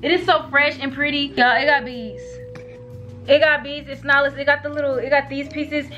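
A young woman vlogger, chatting loudly and bossily and laughing a lot. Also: high voice, little pitch movement, dull audio, soft background music. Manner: loud, bossy, quick to laugh, slangy. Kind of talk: casual chaotic vlog banter.

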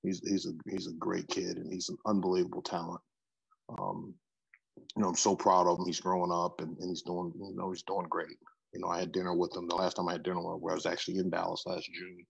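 A man's voice: low-pitched, level tone, fast, vocal fry, breathy edge, low-quality recording. A middle-aged man, a football coach, telling stories in an interview, often repeating words as he starts a sentence. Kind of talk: interview storytelling.

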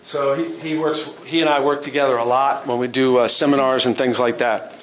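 A middle-aged man teaching a self-defense workshop, plain and practical, asking the class quick questions. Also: mid-range voice, steady tone. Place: event hall. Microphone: distant room mic. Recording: echoey hall from far off, faint noise.

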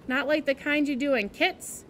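A woman's voice: high-pitched, steady tone, moderate pace, a bit bright, slight background noise. A woman voicing a rude, sarcastic ten-year-old schoolboy with a mocking, sneering way of talking.

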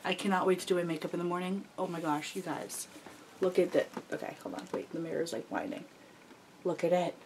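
A young woman vlogger gushing excitedly as she unboxes gifts, full of "like" fillers. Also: lowish voice, a little fast, slight background noise, poor audio. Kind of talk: gift unboxing chat.

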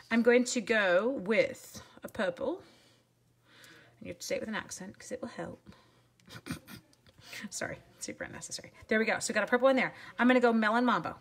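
Chatty husky woman demoing crafts. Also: mid-range voice. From Canada. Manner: chatty and jokey, greets viewers by name, drops into whispers. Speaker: stamping demonstrator. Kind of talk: live card-making demo chat.

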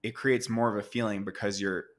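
A man in his thirties, a guest artist telling stories in a relaxed, rambling way, full of fillers. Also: on the low side, fairly quick. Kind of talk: casual storytelling interview.

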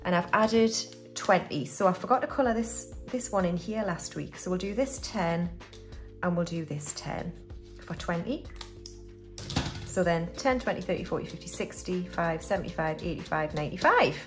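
A woman from the UK who hosts a budgeting channel chats casually in a video as she counts money aloud and talks herself through each step of cash stuffing. Her voice is lowish, she speaks at normal speed, and faint music plays behind her.

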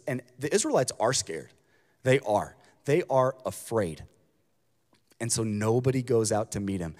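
A youth pastor preaching a sermon, telling a story in an animated, casual way with slang. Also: male voice, mid-range voice. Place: church auditorium. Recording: long hall reverb.

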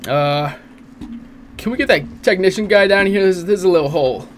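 A young man giving casual, crude, jokey let's play commentary on a horror game, swearing often and reacting loudly. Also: high-pitched, moderate pace, slight background noise. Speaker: gaming channel host.

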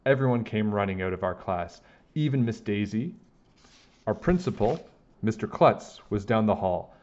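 A man with a fairly low voice reads a children's chapter book aloud, swinging his pitch widely as he tells the story. His delivery is animated and expressive. The sound is slightly dull and lo-fi. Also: moderate pace. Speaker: storybook reader.

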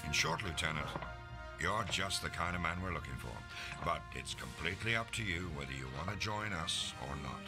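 A man voicing a stern, brisk army intelligence colonel giving a formal military briefing in a war video game. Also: sits low, lively intonation. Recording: game audio with music behind. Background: music.

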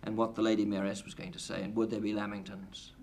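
A man's voice: fairly low pitch, little pitch movement, fast, vocal fry, darkish tone. A middle-aged man, a talk show guest, telling anecdotes in a dry, wry manner. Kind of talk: anecdotal chat. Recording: 1980 TV studio with light hiss.

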